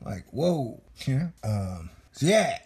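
Husky, rambling man vlogging. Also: mid-range voice, big pitch swings, slow pace, darkish tone. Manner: loose, musing, talks to viewer with asides and laughs. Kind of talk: rambling casual monologue.

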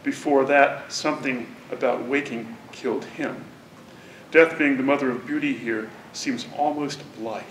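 A man delivers a measured, deliberate academic introduction in a university lecture hall. He sits back from the microphone, and the room's echo hangs around his words. A faint rumble runs underneath. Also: fairly even intonation, recorded from a distance. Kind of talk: prepared literary introduction.

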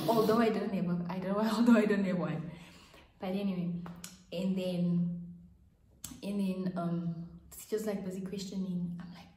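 A woman's voice: lowish voice, dark tone. A young adult woman telling a storytime vlog in a chatty, rambling way with frequent restarts. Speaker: vlogger. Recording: echoey room.

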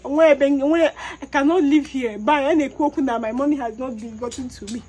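A woman's voice: high-pitched, fairly quick, a little mellow. A woman with a Nigerian accent, crying as she desperately begs and repeats herself in a public appeal. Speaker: mother pleading publicly.

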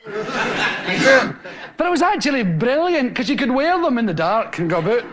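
A Scottish man spins a rambling stand-up story on stage, his high voice leaping all over. A live audience roars with laughter behind him, and the recording is thick with noise. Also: sing-song, unhurried, crowd noise. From Scotland. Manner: rambling, swings into loud acted-out family scenes. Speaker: stand-up comedian. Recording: live show with a roaring, noisy audience.

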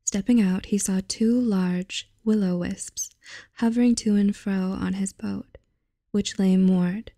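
Soft-spoken young woman reading aloud. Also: mid-range voice, steady tone, dry recording. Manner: soft, unhurried, often half-whispered. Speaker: channel host reading aloud. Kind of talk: reading a fairy tale aloud.

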